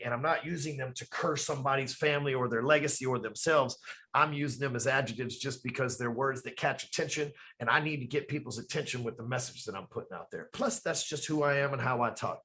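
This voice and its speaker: A man's voice: medium pitch, bright, forceful tone. A man talking as a podcast guest from his office, emphatic and rambling, with plenty of swearing. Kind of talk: casual podcast conversation.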